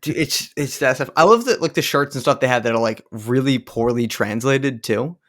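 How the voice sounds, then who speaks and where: A man's voice: medium pitch, moderate pace, a bit bright. Laid-back young man, casual chat. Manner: laid-back, heavy on "dude" and "like". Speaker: podcast co-host.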